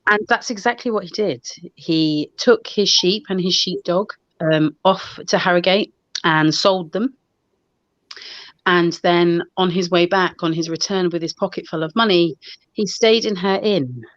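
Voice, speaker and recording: A woman's voice: fairly low pitch, a little slow, no room sound, highs cut off. A woman, casually telling a local story over a video call, rambling with restarts and fillers. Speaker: paranormal investigator and show co-host. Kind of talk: casual storytelling on a live online show.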